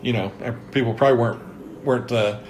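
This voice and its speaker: A man's voice: medium pitch, fairly even intonation, fast talker, a little hiss or hum. Chatty Kentucky man reciting football stats. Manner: chatty, reels off season statistics. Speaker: host interviewing a former coach. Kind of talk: casual sports history interview.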